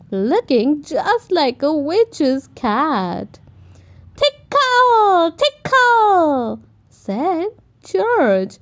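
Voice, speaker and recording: A woman reading a children's picture book aloud, slowly and expressively for young listeners. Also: high voice, a little mellow. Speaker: storyteller. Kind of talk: children's story read-aloud.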